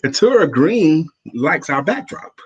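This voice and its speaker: Husky, animated man co-hosting. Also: on the high side, unhurried, highs cut off. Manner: animated, exclamatory. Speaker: co-host. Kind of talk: casual live show chat.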